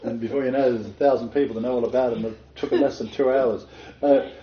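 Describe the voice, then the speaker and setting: Animated man teaching a Bible study. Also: medium pitch, quick pace, crowd noise. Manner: animated, quizzes the group, laughs often. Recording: roomy dull lo-fi recording.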